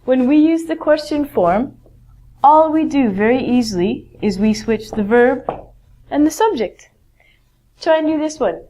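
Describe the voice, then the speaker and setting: Slow, patient woman teaching English. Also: sits high, lively intonation, warm tone. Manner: patient, encouraging, stretches out words. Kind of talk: slow, clear grammar lesson.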